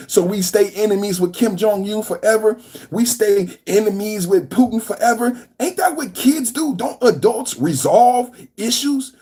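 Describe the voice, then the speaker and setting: A woman in her fifties hosting a reaction podcast, ranting fiercely with profanity and repeated phrases. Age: 50s. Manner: fiery, profane, repeats phrases, lively pitch. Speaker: podcast host.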